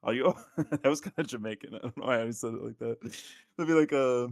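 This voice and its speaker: A man's voice: medium pitch, fast, creaky, no room sound, clean studio sound. A man co-hosting a casual podcast chat, rambling with lots of "like" fillers and frequent laughs. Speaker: podcast co-host.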